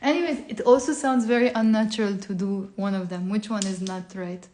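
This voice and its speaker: Woman teacher, mid-pitched, patient drilling, roomy echo. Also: fairly even intonation, a little mellow, far from the mic, slight background noise. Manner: patient, repeats words slowly. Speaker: language teacher. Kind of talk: online language lesson.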